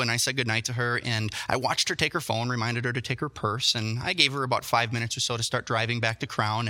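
A young man preaching a sermon, telling stories with animated, self-deprecating asides. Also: mid-range voice. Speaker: pastor.

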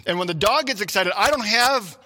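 A male preacher with a bright, forward voice pitched a little above the usual, telling a story in his sermon with lively energy. He acts out the shouts and his own inner thoughts as he goes. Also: brisk, big-room sound. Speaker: pastor.

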